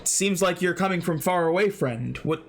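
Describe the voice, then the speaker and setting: A man's voice: high voice, moderate pace, soft background music. A man voicing a polite male mech cook who stammers and speaks formally.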